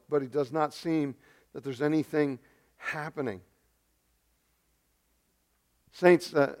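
A man preaching a sermon with passion, swinging from loud cries to hushed, low lines. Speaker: pastor.

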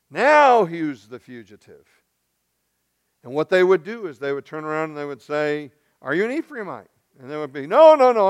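Smooth-voiced preacher from Arkansas. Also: male voice, a little high. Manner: animated, acts out voices in the story, swings from loud to hushed. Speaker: pastor. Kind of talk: sermon.

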